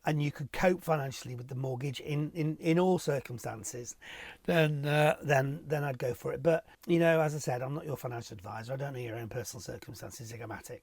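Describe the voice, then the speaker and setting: A man's voice: mid-range voice, fairly quick, vocal fry, darkish tone, no room sound. A middle-aged man from Warrington, England, a TV property presenter answering viewer questions in a chatty, rambling, self-deprecating way from his home office. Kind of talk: casual to-camera Q&A.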